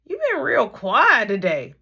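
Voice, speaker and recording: A man putting on a fierce, loving mother who scolds at full volume, her voice climbing high and swinging wildly in pitch. She is a middle-aged mom who does not hold back. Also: huge pitch swings, unhurried, vocal fry, bright, forceful tone, slightly rough, heavily acted. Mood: tender.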